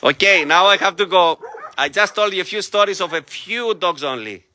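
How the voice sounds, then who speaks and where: A man's voice: high voice, lively intonation, normal speed, background noise. A middle-aged man with a Greek accent, running an animal shelter, who talks to the camera in simple, slightly broken English and coaxes his dogs by name. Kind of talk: casual vlog talking to camera and dogs.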